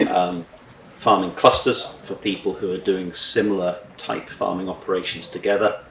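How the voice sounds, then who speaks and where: Farmer giving a conference talk, very deep voice, measured and deliberate, echoey hall, distant mic. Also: male voice, flat delivery, gravelly, a bit bright, a little hiss or hum. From Scotland. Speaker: farmer speaker. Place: conference room.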